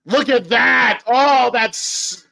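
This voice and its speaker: Guy rambling excitedly on a movie watch-along podcast, bright voice, lots of likes and swearing, dry close sound. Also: extremely high pitch, extremely slow, vocal fry, no room sound, rough recording. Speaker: podcast co-host.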